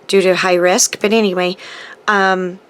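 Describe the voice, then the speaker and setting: A woman's voice: on the low side, level tone, measured pace, clean tone. Chatty woman gushing over craft mail. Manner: chatty and gushing, with frequent ums and restarts. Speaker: papercrafting channel host. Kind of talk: casual happy-mail chat to camera.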